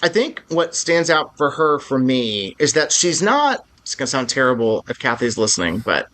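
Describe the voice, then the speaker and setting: A man's voice: mid-range voice, very animated, moderate pace, a bit bright. Rambling, enthusiastic man podcast co-host. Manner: enthusiastic, rambling, many self-restarts. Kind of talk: casual film-discussion chat.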